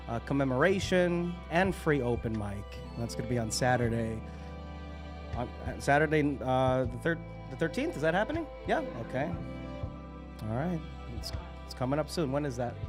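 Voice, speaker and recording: A man's voice: medium pitch, lively intonation, moderate pace. A man hosting a poetry open mic, making casual, hyped announcements to the room. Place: live poetry venue. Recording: music playing behind the voice.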